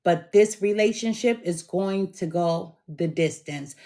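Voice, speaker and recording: Middle-aged woman, tarot reader, hoarse, slow and emphatic, encouraging. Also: on the low side, warm tone. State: hoarse from bronchitis, coughing. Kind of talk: tarot reading.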